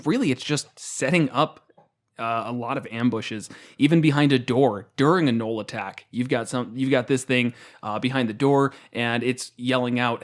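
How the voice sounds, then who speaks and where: A man co-hosting a podcast, chatting casually about a tabletop game with lots of fillers and restarts. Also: mid-range voice. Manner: rambling, many fillers and restarts. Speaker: podcast co-host.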